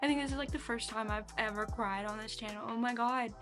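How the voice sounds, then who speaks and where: A woman's voice: fairly high pitch, fairly even intonation, quick pace, music in the background. Emotional, chatty young woman book vlogger. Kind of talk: casual reading vlog.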